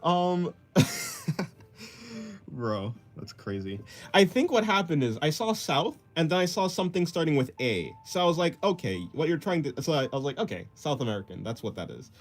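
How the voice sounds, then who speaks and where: With a slightly high, sing-song voice at a moderate pace, a young man draws on stream, chatting loosely, reading comments from viewers, and rambling through self-mocking jokes and plenty of laughs. Soft music can be heard in the background.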